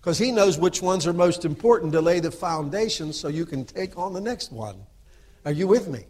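Preaching at a normal speed, a middle-aged man is animated as he shifts from quiet asides to loud exhortation. Again and again he seeks the congregation's agreement.

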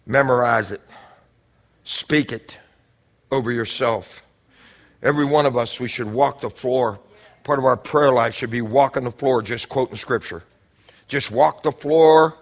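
A man preaching a sermon, building to shouted exhortations and stretching out repeated phrases. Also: mid-range voice, normal speed, long pauses.

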